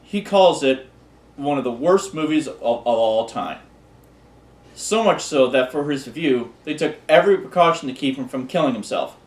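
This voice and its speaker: A man's voice: medium pitch, expressive, moderate pace. A man casually presenting a countdown of favorite videos, rambling and often restarting his words. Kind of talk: casual unscripted commentary. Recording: echoey room.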